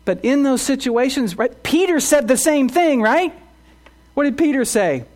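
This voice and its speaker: A man's voice: sits high, a little fast, darkish tone. Earnest preaching pastor, man. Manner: earnest, asks rhetorical questions, repeats words when restarting. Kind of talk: sermon.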